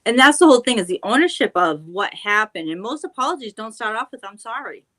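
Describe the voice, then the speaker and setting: A woman's voice: a little high, lively intonation, fast, a bit bright. A woman guest speaking earnestly and reflectively in a casual chat. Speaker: guest tarot reader.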